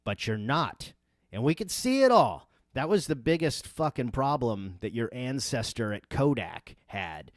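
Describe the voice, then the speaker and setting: Heated, ranting man with swooping pitch. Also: very animated, measured pace, dry recording, clean studio sound. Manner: sounds angry and yelling, heated; profane, emphatic. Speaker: podcast host. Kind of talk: livestream rant.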